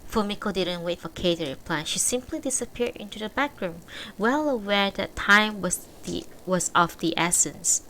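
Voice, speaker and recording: Woman narrating a novel live, bright clear tone, steady delivery. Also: mid-range voice, moderate pace, slight background noise, low-quality recording. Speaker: streamer reading a novel aloud.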